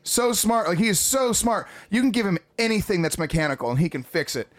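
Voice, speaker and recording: Male podcast co-host, a touch high, profane storyteller. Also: very animated, fairly quick. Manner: profane, laughs while telling stories. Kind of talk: casual chat, storytelling.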